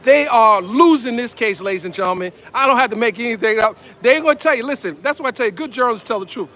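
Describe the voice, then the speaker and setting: A man giving excited street commentary outdoors, repeating himself and calling out to viewers as ladies and gentlemen. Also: very high-pitched, quick pace. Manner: animated, repetitive, addresses viewers as ladies and gentlemen. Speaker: independent commentator.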